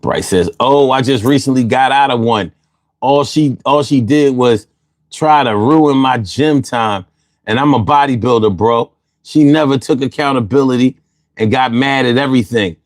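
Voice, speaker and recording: A man hosts a casual livestream, reading chat comments aloud in loose, slangy speech and laughing a lot, though allergies bother him a bit. His voice is mid-range at a moderate pace, recorded dry with studio quality.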